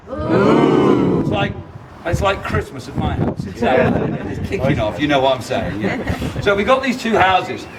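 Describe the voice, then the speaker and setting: A man performs a comic costumed show at a castle gate, teasing the audience and leading shouted battle cries. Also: fairly high pitch. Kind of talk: live comic crowd-work show. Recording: distant handheld recording with loud wind. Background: crowd of visitors and wind noise.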